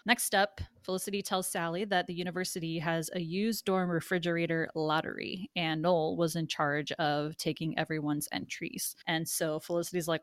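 A woman's voice: on the low side, little pitch movement, moderate pace, hardly any pauses, no echo, studio quality. A woman co-hosting a podcast, recapping an episode in a chatty storytelling way full of "like". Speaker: podcast host.

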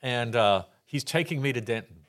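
Telling his faith testimony as a podcast guest, an older Texan man brings his anecdotes to life by acting out the voices and laughing a lot. His voice sits in the mid-range, and his pace is moderate.

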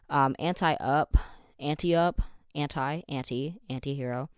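A man's voice: mid-range voice, normal speed, clean tone, dry recording. Rambling young guy on a dry mic. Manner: rambling, jokey and self-deprecating. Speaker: podcast host. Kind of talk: casual solo podcast monologue. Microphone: studio headphones with a desk mic.

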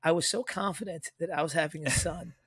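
A fairly high-voiced man in his thirties rambles through a story with plenty of fillers. His voice sounds dry and close, with almost no room echo. It's a relaxed podcast chat. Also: a little fast, slightly rough. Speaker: podcast co-host.

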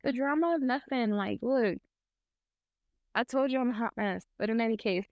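A woman's voice: on the high side, normal speed, dry recording, dull audio. A woman in her twenties, co-hosting a podcast, telling a personal story in casual chat, rambling with lots of fillers. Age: 20s. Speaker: podcast co-host.

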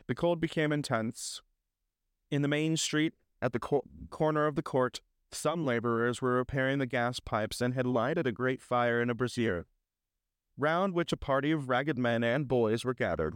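A man narrating a classic story in a measured reading style, with small slips. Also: mid-range voice, clean tone, dry recording, clean studio sound.

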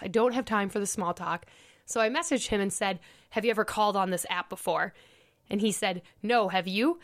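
A young woman from Minnesota hosting a podcast, telling a dating story in a chatty way and laughing often. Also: medium pitch. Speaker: podcast host. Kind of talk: casual storytelling podcast chat.

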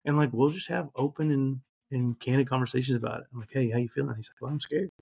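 A man's voice: medium pitch, steady tone, fast talker, gravelly, darkish tone, husky. A man in his thirties, a podcast guest, candidly and reflectively telling a personal story, emotional at times.

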